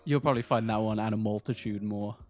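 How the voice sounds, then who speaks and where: A man's voice: lowish voice, steady tone, quick pace, darkish tone, faint music behind. A man from the UK co-hosting a podcast, chatting casually, often restarting his sentences and swearing offhandedly. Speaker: podcast co-host. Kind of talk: casual chat.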